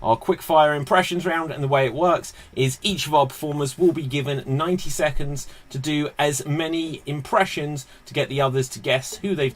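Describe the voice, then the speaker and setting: A man hosting a live online improv comedy show over a video call, upbeat and laughing as he explains the games. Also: medium pitch. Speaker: host.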